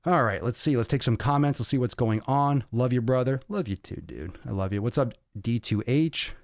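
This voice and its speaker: A male podcast host, out of breath, chatting casually on a livestream and reading viewer comments in an energetic, profane, rambling way into a podcast mic. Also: mid-range voice, moderate pace, no room sound, clean studio sound. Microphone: podcast microphone.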